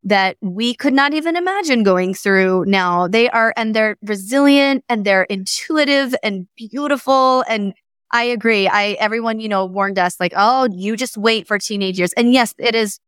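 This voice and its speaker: A woman in her thirties hosting a casual chat, animated and full of fillers. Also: fairly high pitch, moderate pace, smooth, no room sound, studio quality. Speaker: host.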